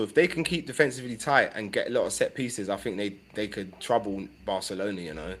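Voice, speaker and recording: A man's voice: fairly low pitch, brisk. A man co-hosting a football fan livestream, chatting easily and talking to viewers. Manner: relaxed, chatty, talks to viewers. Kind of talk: casual live chat.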